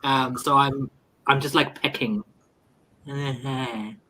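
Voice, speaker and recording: A man's voice: mid-range voice, steady tone, slow pace, pushed and bright, low-quality recording. A man co-hosting a live stream in drag, gossipy and camp, full of dramatic asides. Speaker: drag queen co-host. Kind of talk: casual live-stream banter.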